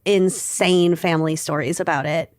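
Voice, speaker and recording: A woman's voice: on the low side, fairly even intonation, normal speed, no room sound, clean studio sound. A woman from the Midwest co-hosting a podcast, chatting casually and enthusiastically and laughing often. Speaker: podcast co-host. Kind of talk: casual chat.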